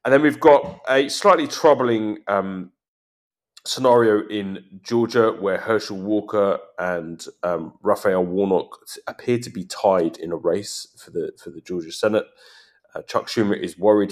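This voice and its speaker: A man with a deep, low voice hosts a podcast. He chats casually and rambles, stopping and restarting mid-sentence. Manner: rambling, halting with fillers and restarts. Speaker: podcast host.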